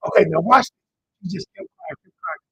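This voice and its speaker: A man talks on a live stream as a relationship coach, speaking into a handheld mic. His voice is very raspy and husky, and his pitch swings widely. He sounds emotional and addresses his audience directly. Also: huge pitch swings, moderate pace, pushed and bright, low-quality recording. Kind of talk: live-streamed storytelling talk. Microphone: handheld microphone.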